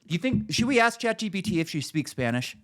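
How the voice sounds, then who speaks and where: A man's voice: high-pitched, big pitch swings, quick pace. A middle-aged man hosting a podcast, talking in crude, mocking casual chat. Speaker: podcast host.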